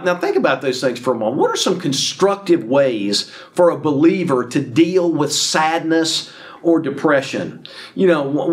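A man preaching a conversational Bible sermon, reading verses and paraphrasing them in casual everyday speech, with frequent fillers and restarts. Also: on the high side. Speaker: pastor.

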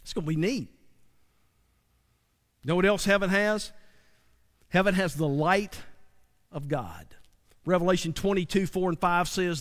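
A man's voice: high voice, a little slow, long pauses, fairly bright tone, long reverb tail. A man preaching a sermon in a folksy, conversational way, often asking his listeners questions.

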